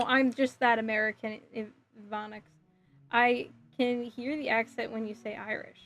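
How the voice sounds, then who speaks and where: A giggly woman from New Jersey with a fairly high voice chats casually with her viewers while livestreaming herself building a model kit. She's scattered and reads chat messages aloud as she answers them.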